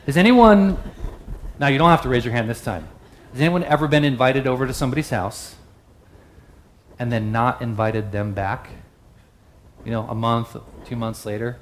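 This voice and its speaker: A man preaching a sermon in a relaxed, conversational way, often turning to ask his listeners questions. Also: medium pitch, normal speed, long pauses, a little hiss or hum. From the West. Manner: conversational, asks the audience questions.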